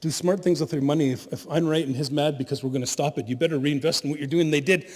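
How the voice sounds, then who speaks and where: A middle-aged man giving an animated storytelling talk as a spiritual leader at a conference, laughing at his own stories. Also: a little high, quick pace. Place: conference hall. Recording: long hall reverb.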